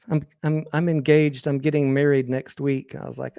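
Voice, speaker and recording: A man's voice: medium pitch, flat delivery, brisk, few pauses, dark tone, smooth, no room sound, clean studio sound. Candid rambling American man telling stories. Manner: candid, rambling, crude anecdotes with frequent restarts. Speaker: host. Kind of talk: casual storytelling on a livestream.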